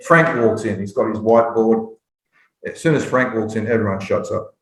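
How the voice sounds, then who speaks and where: Gravelly man telling stories. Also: lowish voice, normal speed. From Australia. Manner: animated anecdote telling with repeated restarts. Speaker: former footballer, guest. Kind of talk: storytelling interview. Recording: roomy echo.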